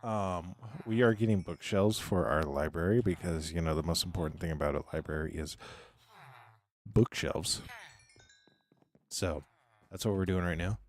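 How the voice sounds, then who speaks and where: A hoarse man streaming a game, rambling casually to himself and his chat and now and then dropping into a whisper. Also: sits low, moderate pace. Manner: drifts into whispering. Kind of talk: casual live gameplay commentary.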